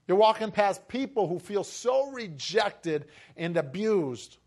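A man's voice: sits high, lively intonation, slow. A man preaching a sermon and telling a personal story, talking with many fillers and restarts. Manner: emotional, acts out family voices, rising to shouts.

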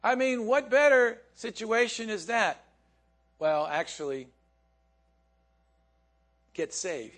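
A man with a high voice preaches a sermon in a loose, conversational way. He puts questions to the congregation and laughs often as he talks. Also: slow, long pauses, a bit bright.

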